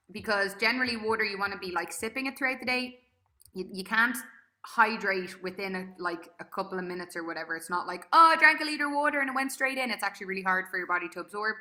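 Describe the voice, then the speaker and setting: A woman's voice: medium pitch, sharp tone, reverberant. A woman with an Irish accent coaching a live workout class, chatty and encouraging, praising people by name and laughing often. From Ireland. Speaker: fitness coach.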